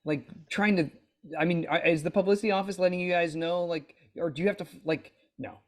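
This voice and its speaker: A man's voice: sits high, fairly even intonation, brisk. A man co-hosting a podcast, asking questions in a hesitant, trailing way. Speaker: podcast co-host. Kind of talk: casual podcast chat.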